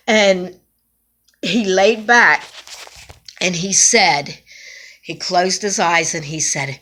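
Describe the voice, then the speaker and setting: A middle-aged woman tells a personal story from her days as a chaplain. Her voice sits low but sounds bright and forceful. She talks in a halting way, full of restarts and fillers, and gets emotional as she goes. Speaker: former nursing home chaplain.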